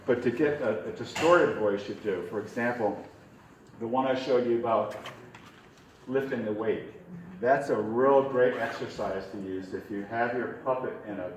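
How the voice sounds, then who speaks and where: A man's voice: medium pitch, normal speed, far from the mic, slight background noise. A man teaching a ventriloquism workshop in a chatty, folksy, demonstrative way. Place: workshop room. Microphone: distant from the mic. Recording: echoey room from afar, faint background.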